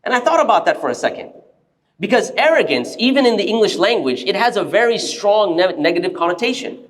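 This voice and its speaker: High-pitched male preacher, animated storytelling sermon, mosque. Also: brisk. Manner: animated storyteller, acts out quoted voices. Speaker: preacher giving a Friday sermon.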